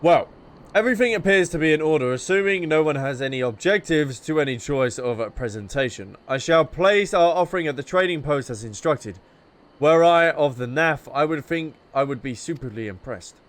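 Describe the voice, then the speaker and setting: A man's voice: on the high side, animated, normal speed, lightly acted. A man voicing an earnest, formal young noble scholar while reading game dialogue. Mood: measured.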